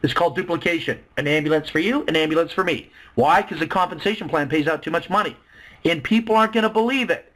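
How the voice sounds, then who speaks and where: A man giving an excited sales pitch to a webinar audience, full of rhetorical questions. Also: quick pace, rough recording. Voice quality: excitable, salesy, acts out quoted voices. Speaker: webinar presenter.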